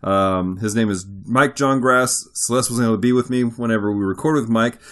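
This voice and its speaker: A man's voice: medium pitch, fairly even intonation, a little fast. A man co-hosting a podcast in casual, upbeat chat, playful and talkative. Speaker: podcast co-host.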